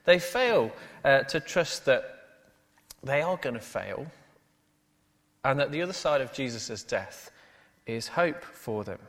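A man's voice: mid-range voice, big pitch swings, slow, pauses often, fairly bright tone. Male pastor preaching in a reverberant hall. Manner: frequent "uh" fillers, rhetorical tag questions. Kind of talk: sermon.

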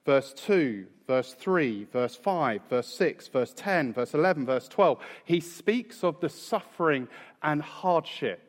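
A man delivers a sermon at an unhurried pace, stretching out the phrases he wants to land. His voice sits at an ordinary pitch. A long reverb trails each line, as in a large church hall. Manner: measured, emphatic, slows for key phrases. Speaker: preacher.

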